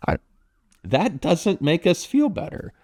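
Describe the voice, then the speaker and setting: A man, a pastor with an American accent, answering questions from his congregation in a gentle, reflective way with frequent ums and restarts. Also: on the high side, sing-song, slow pace, no echo, studio quality. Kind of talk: pastoral Q&A talk.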